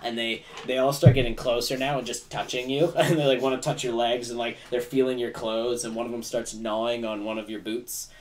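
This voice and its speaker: A man's voice: medium pitch, flat delivery, a little fast, hardly any pauses, recorded from a distance, slight background noise. A man running a tabletop game as game master, narrating in a loose, rambling way full of "like" and "kinda". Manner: rambling, many fillers like "like" and "kinda".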